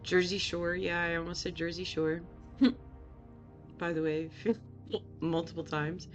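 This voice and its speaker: A chatty woman streamer who reacts to her viewers and jokes while playing. Her voice sits a little low, with faint music under it. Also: fairly even intonation, takes it slowly. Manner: chatty, joking, reacting to chat. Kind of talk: casual game commentary.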